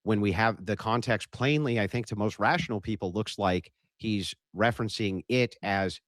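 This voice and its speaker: A man's voice: on the low side, moderate pace, no echo. A man arguing bluntly in a heated online debate, pressing his point and cutting in. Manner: blunt, combative, interrupts.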